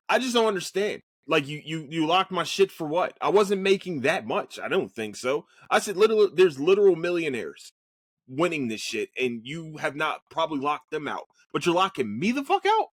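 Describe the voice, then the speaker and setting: A young man sits alone at his own podcast mic, ranting in a heated, profane, casual way. His average-pitched voice jumps all over when he gets worked up, and he stammers through restarts. The sound is dry and close, with no room behind it. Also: a bit bright, dry recording. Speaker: podcast host. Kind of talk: casual solo podcast rant.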